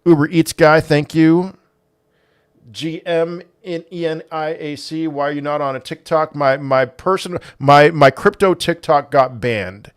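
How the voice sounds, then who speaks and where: A young man hosting a casual livestream, reading chat aloud and answering with dry sarcasm and halting restarts. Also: fairly high pitch, clean tone, no echo. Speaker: livestream host.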